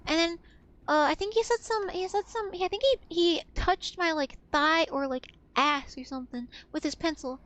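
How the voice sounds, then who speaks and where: Streaming a game, this young woman keeps up casual chatter, cursing freely, gasping "oh my god," and shrieking with laughter when startled. She speaks at a moderate pace in a very high, fairly bright voice.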